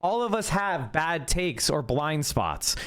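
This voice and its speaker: Fast, argumentative high-voiced male streamer. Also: very animated, fairly bright tone, smooth. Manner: fast, argumentative, talks straight to chat. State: losing his voice. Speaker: live streamer. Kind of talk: casual live-stream chat.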